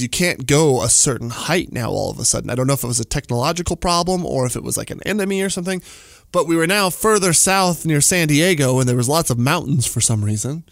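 A man's voice: on the high side, vocal fry, no room sound. A man, telling a story casually in a studio, with lots of fillers and laughter. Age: 40s.

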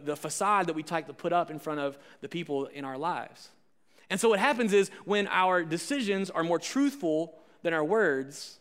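Animated young pastor with a high voice. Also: male voice. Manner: conversational and animated, jokey asides, frequent "like". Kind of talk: casual sermon. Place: church service with live audience.

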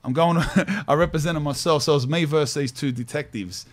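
Hosting a podcast, this Australian man tells stories in a relaxed, slangy style, laughing along the way. His voice is fairly high and a little fast.

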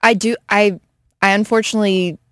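A woman co-hosting a radio show, speaking in a measured, thoughtful way in casual chat. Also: medium pitch, steady tone, fairly bright tone, no echo, clean studio sound.

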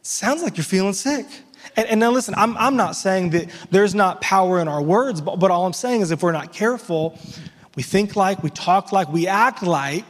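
A man preaching a sermon as pastor, speaking emphatically and mixing in lively everyday asides. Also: high-pitched, normal speed, in a large hall.

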